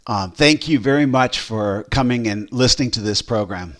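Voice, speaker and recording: Casting: pastor, mid-pitched man, loose demo talk, lots of um and restarts. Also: moderate pace, fairly bright tone. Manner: rambling with fillers and restarts. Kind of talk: casual software demo.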